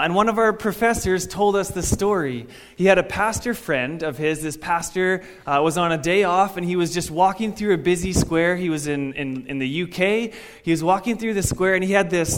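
High-voiced young youth pastor preaching. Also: male voice. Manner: conversational storytelling preacher, animated quotes. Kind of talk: sermon. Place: church sanctuary.

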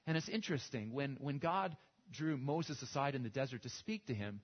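A man's voice: medium pitch, expressive, moderate pace. A man preaching a sermon and telling a story, with small restarts and repetitions. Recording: dull lo-fi recording.

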